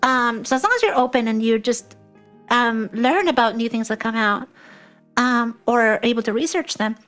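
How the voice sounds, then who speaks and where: A woman with a fairly high voice asks questions and rambles through her answers in a casual chat. She clears her throat often and fills pauses with lots of fillers. Faint music sits behind her. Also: fairly bright tone. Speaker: guest interviewer.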